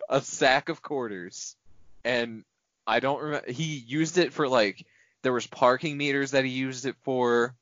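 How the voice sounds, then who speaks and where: A man's voice: mid-range voice, fairly even intonation, unhurried, fairly bright tone, dry recording, dull audio. A young man co-hosting a casual podcast among friends, who laughs often and tells stories in loose, rambling bursts. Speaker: podcast co-host.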